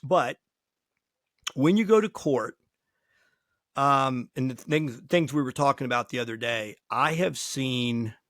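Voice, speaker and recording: A man who is a lawyer, hosting a casual talk show and telling folksy, animated stories on a close mic. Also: medium pitch, measured pace, pauses often, no echo. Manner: folksy, animated anecdotes with acted quotes. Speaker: lawyer and podcast host.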